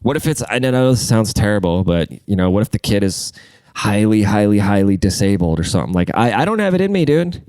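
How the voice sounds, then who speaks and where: Young man, solo podcast host, congested, crude rambling rant, lowish voice, smooth, dry close sound. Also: sing-song, brisk, dry recording. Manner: crude, rambling, jumps between loud and muttered.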